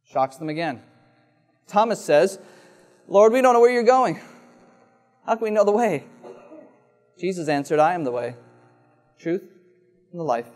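A man preaching a sermon, reading scripture and then expounding it slowly and deliberately, repeating key phrases. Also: sits high, a little mellow. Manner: slow, deliberate preaching with dramatic pauses and repetition.

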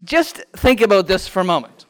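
A man teaching a children's Bible lesson in a church classroom, animated and quizzing the class with questions. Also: sits high, fairly quick, clear, resonant tone.

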